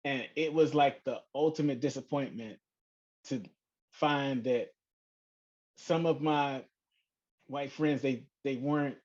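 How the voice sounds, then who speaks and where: A man co-hosting a podcast, talking in a loose, conversational way with drawn-out phrasing. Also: medium pitch, fairly even intonation, a little mellow. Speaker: podcast co-host. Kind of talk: casual chat. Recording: dull lo-fi podcast audio.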